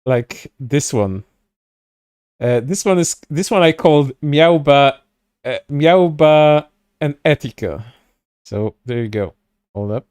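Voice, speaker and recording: Man, commentary host, smooth clear voice, dry close sound, stammering, amused. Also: fairly high pitch, animated, slow pace, pauses often, darkish tone, no echo. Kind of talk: casual commentary.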